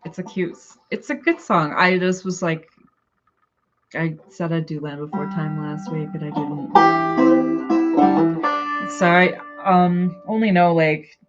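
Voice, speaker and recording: A woman's voice: sits low, highs cut off. A woman chatting casually with viewers in a rambling, hesitant way.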